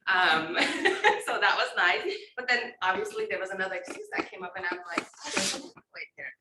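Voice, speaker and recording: A woman at a workshop telling her story candidly, self-deprecating and quick to laugh. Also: medium pitch, lively intonation, reverberant, distant mic, very noisy. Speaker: workshop participant, real estate agent. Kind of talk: candid personal story in a group.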